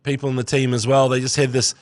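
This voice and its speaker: A man's voice: medium pitch, fast talker, no room sound. Sweary New Zealand man chatting on a podcast. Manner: sweary, animated, jokes in put-on voices. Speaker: podcast co-host. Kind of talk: casual chat.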